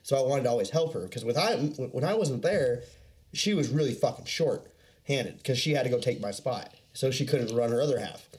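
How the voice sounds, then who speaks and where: A man's voice: medium pitch, expressive, moderate pace, darkish tone. Rambling, profane young man telling stories. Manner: rambling, profane, laughing often. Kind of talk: casual storytelling chat.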